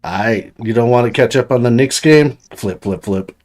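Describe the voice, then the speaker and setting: A man's voice: mid-range voice, moderate pace, a little mellow, close to an everyday voice. A man playing a friendly, overfamiliar guy in an attempted Brooklyn accent, joking as he talks. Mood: chummy. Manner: jokey, laughing, overfamiliar. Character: friendly swaggering guy, folksy and chummy.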